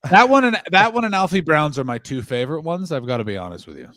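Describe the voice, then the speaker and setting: A man's voice: a little high, big pitch swings, fast talker, fairly bright tone, no echo, clean studio sound. A man hosting a comedy podcast, playful and quizzing his guest in casual chat. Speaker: podcast host.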